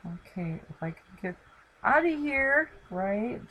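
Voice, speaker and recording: A channel host in middle age speaks slowly in a medium-pitched, husky voice that's pushed and bright, swinging widely in pitch. She rambles through a casual live-stream goodbye at home, her dog on camera, with frequent fillers, and the recording quality is low.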